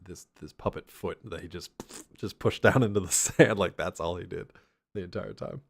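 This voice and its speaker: A man's voice: deep voice, moderate pace, vocal fry. A man co-hosting a podcast, recapping a cartoon with wry, dry asides in casual chat. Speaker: podcast co-host.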